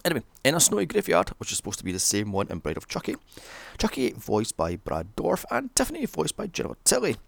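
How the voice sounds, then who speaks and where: A man's voice: mid-range voice, wildly swooping pitch, fast, creaky, slight background noise. A British man recapping a horror film with sarcastic, profane asides. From Britain. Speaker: film reviewer. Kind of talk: sweary comedic movie recap.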